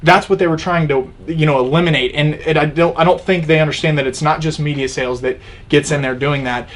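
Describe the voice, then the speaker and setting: A man's voice: a little high, steady tone, fast talker. A man co-hosting a casual sit-down chat, explaining his views with plenty of restarts. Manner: explanatory, opinionated, frequent restarts. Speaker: co-host of an outdoors channel.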